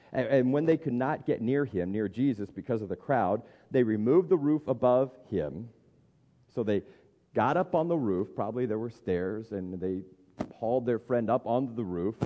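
A man's voice: on the low side, in a large hall, muffled recording. A man in his thirties preaching a conversational sermon as a pastor, thinking aloud with frequent restarts.

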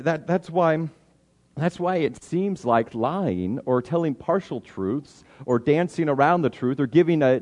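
A man's voice: a little high, a little mellow. A man preaching a sermon, often restarting his words and acting out everyday excuses. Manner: stammering restarts, acts out quoted excuses. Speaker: pastor. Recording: long hall reverb.

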